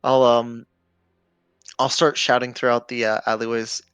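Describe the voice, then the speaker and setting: A man's voice: medium pitch, level tone, unhurried, pauses often, fairly bright tone, clean tone, dry recording. A man playing a tabletop game, thoughtfully describing his character's actions. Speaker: player.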